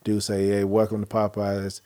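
A man hosting a podcast in casual chat, telling animated, profane stories and opinions. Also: on the low side, normal speed, clean tone. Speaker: podcast host.

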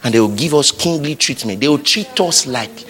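A man with a Nigerian accent preaching a sermon, building repeated lines up to shouts. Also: on the high side, lively intonation, normal speed. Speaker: pastor.

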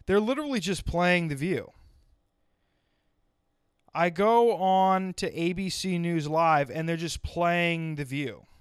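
Male podcaster, fed-up profane rant, smooth resonant voice, dry close sound. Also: a little high, dry recording. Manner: exasperated, profane ranting with sarcastic tangents. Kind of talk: solo comedic rant.

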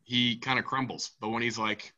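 A man hosting a casual sports podcast, energetic and swearing freely as he moderates the panel. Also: medium pitch, moderate pace, highs cut off. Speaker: podcast host.

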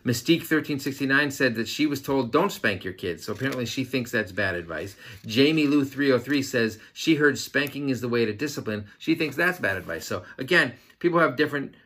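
A man's voice: medium pitch, lively intonation, brisk, few pauses, fairly bright tone. A man in his forties hosting a podcast in casual chat, reading listener comments in a wry, dry, joking way. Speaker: podcast host.

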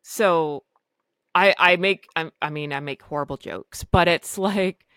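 A woman's voice: fairly low pitch, unhurried, a bit bright, no echo. A woman podcast host chatting casually and bluntly, swearing freely and laughing often.

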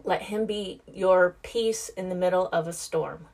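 A woman's voice: on the low side, measured pace, a little mellow. A woman in her thirties hosting a podcast, talking about her faith in an earnest, heartfelt way and speaking straight to her listeners. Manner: conversational, with frequent "like" and restarts. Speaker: podcast host. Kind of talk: casual faith-based talk.

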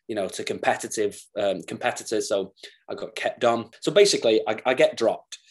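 A man with a northern English accent, an actor, chatting casually and telling animated stories in which he acts out other voices. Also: lowish voice, brisk. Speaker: podcast guest. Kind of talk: casual storytelling chat.

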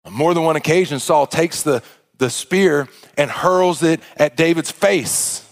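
High-pitched guy preaching a sermon, fired up, lots of and-and restarts. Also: a little slow. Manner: impassioned, stammering restarts, swings from hushed to loud. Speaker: pastor.

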